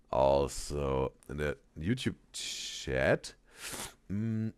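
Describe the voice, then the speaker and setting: Male live streamer, low voice, animated, dry room; rambles and reads chat. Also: no echo. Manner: rambling, repeats words, reads chat aloud. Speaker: reaction streamer.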